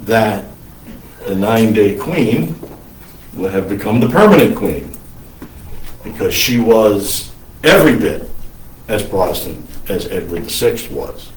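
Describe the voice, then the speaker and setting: A male priest giving an unscripted lecture, halting often to restart his sentences. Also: on the low side, expressive, slight background noise. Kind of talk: recorded lecture. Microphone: single mic, speaker sometimes covers it. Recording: roomy echo, mic at a distance.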